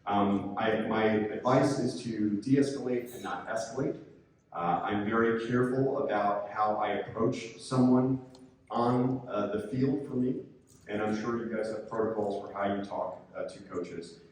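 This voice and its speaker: A man giving a calm, coaching conference presentation, sometimes acting out angry coaches. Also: lowish voice, unhurried. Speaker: presenter, sports official. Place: conference room. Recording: echoey hall from far off, faint noise.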